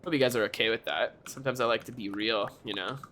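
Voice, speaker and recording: Animated ranting young male streamer. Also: medium pitch, fast, a little hiss or hum. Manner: animated ranting, laughs often. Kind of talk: casual chat.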